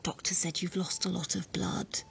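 An actress playing a brisk, curt relative in a TV drama. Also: female voice, fairly low pitch, flat delivery, vocal fry, a bit bright, a little hiss or hum.

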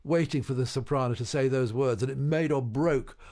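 A man's voice: mid-range voice, a little fast, darkish tone. Older guy on a radio interview, wry storyteller, trails off and restarts, middling voice. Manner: wry, anecdotal, hesitant restarts. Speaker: interview guest.

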